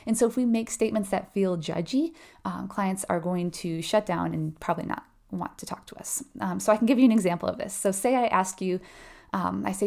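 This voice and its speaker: A woman's voice: mid-range voice, fairly quick, gravelly. A woman leading a live nursing exam review, talking casually, explaining step by step and asking her viewers questions. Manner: conversational, explains step by step, asks the audience questions; laughs lightly while acting out client replies.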